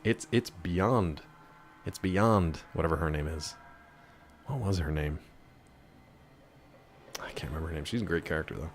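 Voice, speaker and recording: Low-voiced, rambling male game streamer. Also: normal speed, pauses often, slight background noise. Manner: chatty, wry, rambling. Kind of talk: casual live-stream chat.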